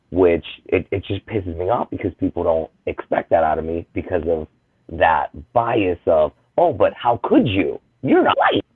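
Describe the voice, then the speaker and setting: Impassioned low-voiced man on a phone-like line. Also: dry recording. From United States. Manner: impassioned, emphatic, rises to loud indignation. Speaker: panel guest. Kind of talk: casual discussion. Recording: dry, tinny phone-like line.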